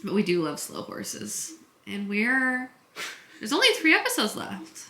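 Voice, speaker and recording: A woman's voice: mid-range voice, sing-song, unhurried, bright, forceful tone, roomy sound. A woman book vlogger chatting casually at home, enthusiastic and full of "like" fillers. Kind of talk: casual vlog chat. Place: home under construction, indoors.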